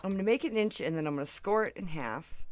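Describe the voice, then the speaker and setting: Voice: mid-range voice, expressive, fast talker. A crafting channel host chatting through a tutorial, rambling off on stories, often asking "right?" and laughing between sentences. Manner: rambling, tangents, frequent "right?" and "you know".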